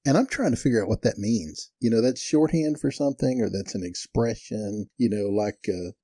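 A man's voice: lowish voice, normal speed, dark tone, no echo, clean studio sound. An older man telling stories in a casual, folksy way, chuckling as he talks and livening up when he quotes people. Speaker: storyteller. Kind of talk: casual storytelling.

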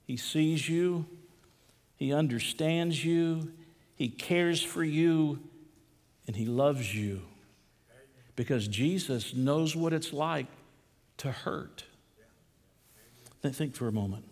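A male pastor delivering a sermon, swinging between hushed, slow lines and raised, emphatic ones. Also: a little high. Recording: long hall reverb.

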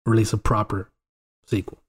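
A man's voice: on the low side, level tone, moderate pace, breathy edge. A man co-hosting a video game podcast in a laid-back, casual way. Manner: laid-back, laughs easily. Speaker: podcast co-host. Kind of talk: casual chat.

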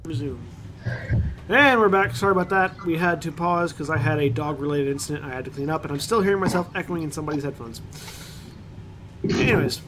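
A man narrating as game master on a voice call, explaining lore with many pauses and self-corrections. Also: a little high, noisy background.

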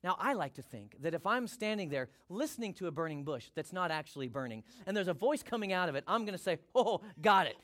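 A man preaching a sermon as pastor, energetic and emphatic, repeating his key points. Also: high voice, fast, hardly any pauses.

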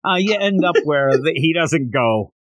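This man's voice sits a bit high, and his pitch jumps up and down all the time. He chats casually as a podcast co-host and acts out bits of dialogue as he goes. The sound is dry and close, with no room tone. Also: no echo. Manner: animated, acts out characters' lines in quick little voices. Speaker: podcast co-host reviewing manga. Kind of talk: casual chat, recapping the plot.

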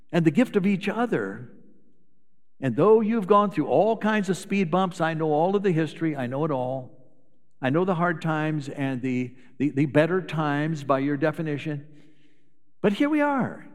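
A man's voice: a little high, darkish tone, big-room sound. An older man, a retired pastor, preaching a sermon in a folksy storytelling way, sharing anecdotes. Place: church sanctuary.

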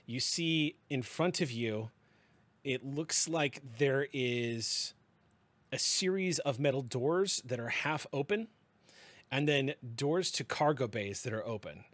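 A man running a tabletop game as game master, narrating scenes in an unhurried, descriptive way with small restarts. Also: medium pitch, expressive, fairly bright tone, no room sound.

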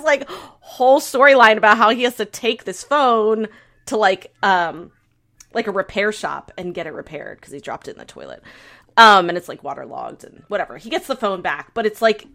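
Woman podcast co-host, mid pitch, loose rambling delivery, lots of filler. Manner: rambling, heavy use of "like", animated retelling. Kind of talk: casual chat, recapping a drama.

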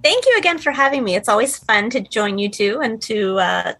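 A woman's voice: on the high side, big pitch swings, brisk, bright, forceful tone, slightly rough. A woman with a Canadian accent, a guest on a movie podcast, rambling through stories with giggles. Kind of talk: casual chat.

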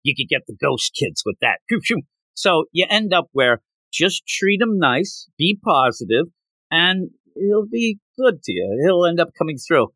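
A man's voice: a little high, very animated, unhurried, bright, forceful tone, no room sound. A man co-hosting a podcast, casually recapping a manga chapter and acting out the characters' lines in jumpy voices. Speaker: podcast co-host.

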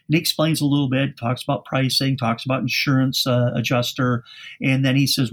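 Man, mid-pitched, folksy anecdotal guest on a podcast, restarts his sentences a lot. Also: steady tone, fairly quick, fairly bright tone. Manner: folksy storyteller with frequent restarts. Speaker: carpet cleaning industry expert guest. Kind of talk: podcast interview storytelling.

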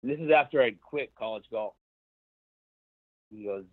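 A man's voice: mid-range voice, normal speed, dry recording. A man in his thirties telling a golf story as a podcast guest, loose and chatty with plenty of "like" and the odd curse. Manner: loose and chatty, lots of "like", some swearing. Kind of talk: casual storytelling. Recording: dry, tinny phone-like line.

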